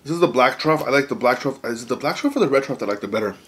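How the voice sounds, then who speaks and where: A man hosting a mukbang, chatting excitedly to viewers while eating. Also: medium pitch, rapid-fire. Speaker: mukbang host. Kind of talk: casual eating vlog.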